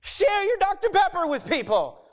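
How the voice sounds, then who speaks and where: A man's voice: extremely high pitch, wildly swooping pitch, normal speed, pitched above the performer's own voice, exaggerated voice. A man voicing God as an exasperated figure who scolds a selfish man in disbelief. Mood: incredulous scolding. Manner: incredulous, scolding.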